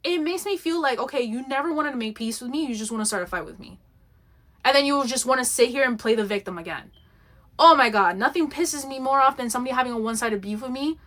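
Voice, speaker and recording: A young woman hosting a solo podcast, telling stories in an emphatic, animated rant and acting out the people she quotes. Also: sits high, fast talker. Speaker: podcast host.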